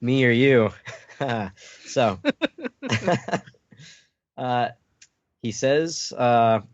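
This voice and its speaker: A man co-hosting a podcast, excitedly recapping a manga chapter and laughing as he reads. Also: medium pitch, very slow, dry recording, muffled recording. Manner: excitable, laughing while reading the story aloud. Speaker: podcast co-host.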